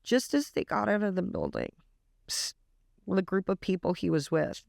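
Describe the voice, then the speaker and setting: Earnest woman retelling a story, gravelly. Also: medium pitch, big pitch swings, normal speed, a little mellow, dry recording, clean studio sound. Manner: earnest retelling with emotional emphasis. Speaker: reaction vlogger. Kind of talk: casual storytelling.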